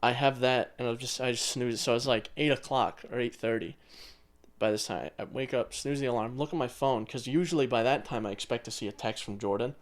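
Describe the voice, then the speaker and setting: A young man in his twenties co-hosts a casual podcast chat. He rambles through his stories with loose, offhand swearing. His voice sits at an ordinary pitch for a man. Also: fairly quick. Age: 20s. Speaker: podcast co-host.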